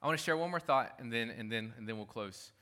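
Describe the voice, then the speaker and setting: A man's voice: medium pitch, animated, fast talker, bright, forceful tone. A man preaching a sermon as pastor, talking emphatically and repeating his key phrases.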